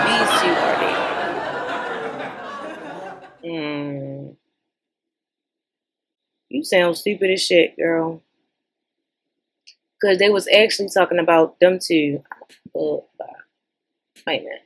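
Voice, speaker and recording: A woman hosting a podcast, giving sassy, profane, animated reaction commentary in as she scrolls social media. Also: lowish voice, a little slow, pauses often.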